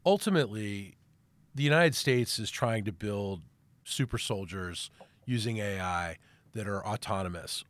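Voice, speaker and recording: Low-voiced male podcast host asking questions. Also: measured pace, a bit bright.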